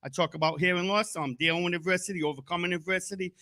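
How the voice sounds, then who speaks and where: A man's voice: high-pitched, racing, sharp tone. A male comedian guest chatting casually, jokey and rambling. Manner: jokey, rambling, self-deprecating. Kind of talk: casual interview chat.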